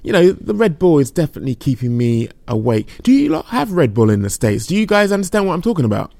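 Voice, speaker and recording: Male podcast host, gravelly, tired, chatty, dry close sound. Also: fairly high pitch, big pitch swings, quick pace, darkish tone, no room sound. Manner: chatty, self-deprecating, laughs easily. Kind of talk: casual podcast chat.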